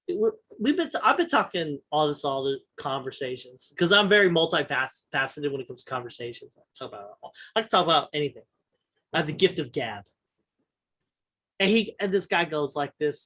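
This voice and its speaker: Rambling, slightly high-voiced male podcast host. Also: sharp tone. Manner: rambling storyteller, frequent restarts and filler; profane and blunt. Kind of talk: casual chat.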